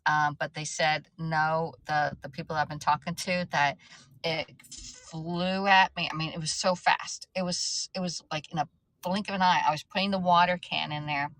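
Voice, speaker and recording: A chatty woman talking casually on a livestream, her voice bright and forceful yet sitting a little low. She rambles and restarts often. The sound is close and dry, with no room around it. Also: steady tone, normal speed, no room sound, rough recording. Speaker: livestream host. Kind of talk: casual livestream chat, reading viewer comments.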